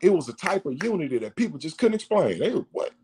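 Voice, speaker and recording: A man preaching to the camera in an animated monologue, firing off rhetorical questions. His voice is lively, swinging high and low, and sits a little above the usual male pitch. He repeats phrases for emphasis. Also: fast talker, a little hiss or hum. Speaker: vlogger.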